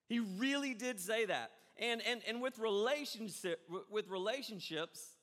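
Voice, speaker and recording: A man preaching a sermon, rambling and animated, often breaking off mid-thought. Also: high voice, measured pace, hardly any pauses. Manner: rambling, animated, self-interrupting. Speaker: pastor. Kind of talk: live-streamed sermon. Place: church hall. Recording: echoey hall reverb.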